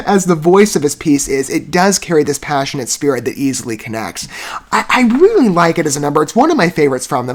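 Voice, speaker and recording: A male music reviewer speaking at an average pitch into a close mic. He talks in long, wordy sentences, often restarting as he looks for the right phrase, with a soft laugh now and then. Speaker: music reaction host.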